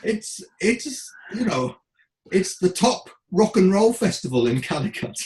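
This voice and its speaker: A man's voice: high voice, very animated, measured pace, a little mellow, voice pushed up. A man voicing a polite male hotel manager with a light Indian accent who is pleading for a favour. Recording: roomy echo.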